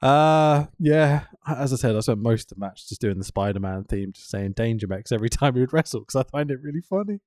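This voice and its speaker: A man's voice: lowish voice, animated, fast, few pauses, mellow, no echo. A man co-hosting a casual podcast, recapping wrestling with lots of swearing and laughter. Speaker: podcast co-host.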